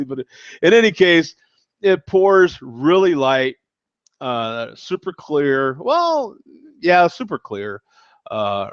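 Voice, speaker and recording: A laid-back man chats his way through a beer review, rambling and easygoing, with a slightly stuffy, congested voice. His voice sits at an ordinary middle pitch. The recording is dry and a little dull and lo-fi. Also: no echo. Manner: laid-back, rambling, peppered with "you know what I'm saying". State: slightly congested from a summer cold. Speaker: host of a live beer-tasting show. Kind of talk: casual beer review chat.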